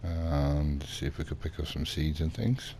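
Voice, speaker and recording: A man's voice: rumbling low, unhurried, mellow, slight background noise. A man, rambling through an indignant in-character story as a gaming vlogger. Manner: rambling, indignant anecdote telling with acted quotes. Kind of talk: casual in-character gameplay storytelling.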